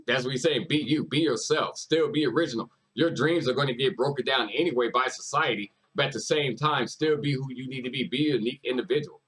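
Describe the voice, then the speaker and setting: A man with a husky, slightly rough voice breaks down a rap song in casual reaction commentary. He talks with emphasis, repeating lines back and urging the track on. His pitch sits in an ordinary middle range. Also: fast talker, few pauses, a bit bright, poor audio. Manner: emphatic, repeats lyrics and hypes the artist. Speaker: music reaction host.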